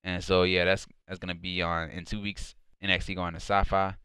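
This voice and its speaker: A man with a lowish, bright and smooth voice rambles through a casual recap, stringing his thoughts together with filler words. He now and then acts out what others said with mock heat. The sound is close and dry. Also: flat delivery, fairly quick, no echo. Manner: quotes others in a mock-heated voice. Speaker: wrestling show reviewer.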